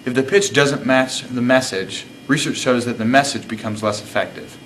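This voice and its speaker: A male student narrating a class video in a measured, explanatory way. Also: medium pitch, fairly bright tone, slight background noise. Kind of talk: scripted narration.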